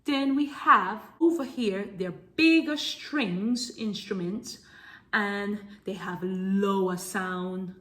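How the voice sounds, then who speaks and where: A woman teaching preschool children about music, reading from a picture book in a gentle, expressive way with hushed asides. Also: medium pitch, takes it slowly. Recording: faint music playing behind.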